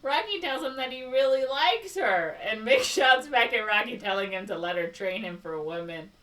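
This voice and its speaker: A woman's voice: fairly high pitch, animated, normal speed, sharp tone, recorded from a distance, poor audio. A woman with a Chicago accent co-hosting a podcast, reading a plot summary aloud and breaking off for sarcastic asides. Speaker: podcast co-host. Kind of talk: casual movie recap podcast.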